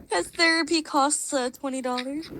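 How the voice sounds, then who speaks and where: A woman's voice: sits high, normal speed, a bit bright, slight background noise. A woman running a silly group game in casual voice chat, calling out whose turn it is. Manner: bossy, calling out turns.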